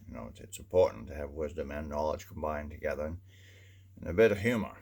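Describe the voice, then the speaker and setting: An older man with a Maine accent delivering a folksy comic monologue, unhurried and dry, with wry humor. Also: extremely low pitch, lively intonation, gravelly, darkish tone, slightly rough.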